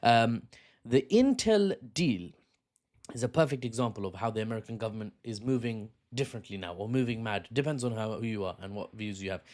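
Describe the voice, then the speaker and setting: A man's voice: fairly low pitch, animated, a little fast, darkish tone. Man joking through economics commentary. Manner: jokey, laughs at own jokes; rambling with asides and restarts. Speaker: news commentator. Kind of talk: casual explainer commentary.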